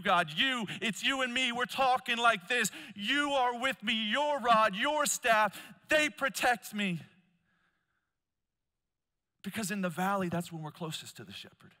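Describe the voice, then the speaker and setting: A man preaching at a conference, telling stories with loud emphatic bursts and quiet low asides. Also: expressive, measured pace. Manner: storytelling, swings between loud emphasis and hushed low asides. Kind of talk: conference sermon. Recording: long hall reverb.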